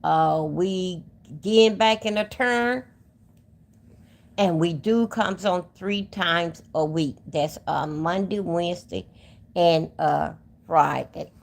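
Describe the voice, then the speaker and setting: A woman's voice: lowish voice, slow pace, creaky. A woman hosting a casual livestream, rambling and talking straight to her viewers. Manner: rambling, talks to chat directly. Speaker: livestream host. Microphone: phone.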